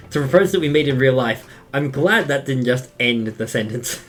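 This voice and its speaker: An Australian man streaming a game live, reading along and chatting playfully. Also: medium pitch. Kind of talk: casual live-stream chat.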